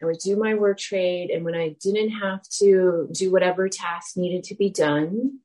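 A woman's voice: lowish voice, a little slow, rough recording. Reflective woman telling a dharma story. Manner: reflective, animated storytelling with acted quotes. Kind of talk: dharma talk, personal story.

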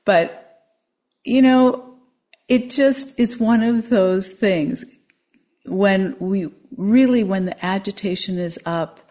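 Gentle, low-voiced woman meditation teacher. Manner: gentle, reflective, with frequent pauses. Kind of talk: dharma talk.

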